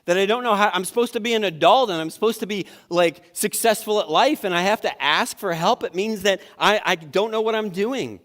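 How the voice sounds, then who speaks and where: A man's voice: high-pitched, animated, moderate pace, few pauses, fairly bright tone. A man preaching a sermon in a conversational way, often acting out people's inner thoughts. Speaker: pastor. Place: church sanctuary. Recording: long hall reverb.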